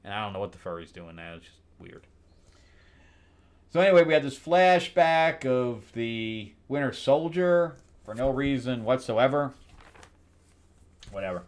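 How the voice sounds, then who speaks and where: A comic book reviewer recaps comics in a loose, sarcastic ramble, very animated yet unhurried, pausing often. He trips over his words, restarts frequently, and trails off dryly at the ends of lines. His voice is an everyday middle pitch.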